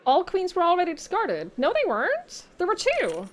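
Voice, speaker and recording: A woman's voice: extremely high pitch, wildly swooping pitch, moderate pace. A woman streamer commentating her own play live, talking to the game, swearing, laughing and thinking aloud between moves. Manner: talks to the game, swears, shifts from muttering to yelling.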